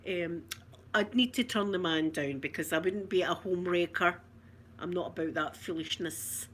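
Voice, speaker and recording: A woman's voice: on the low side, normal speed, fairly bright tone, a little hiss or hum. Chatty Glaswegian woman, giggly. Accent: Glaswegian Scottish. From Scotland. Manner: chatty, giggly, broad and playful. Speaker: ASMR channel host chatting with viewers. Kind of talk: casual chat.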